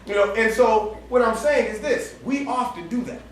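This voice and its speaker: Animated preacher man, high voice, echoey hall. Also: normal speed, slight background noise. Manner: animated, laughing storyteller with colloquial speech. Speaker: campus ministry preacher. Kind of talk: storytelling sermon. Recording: echoey room heard from far off.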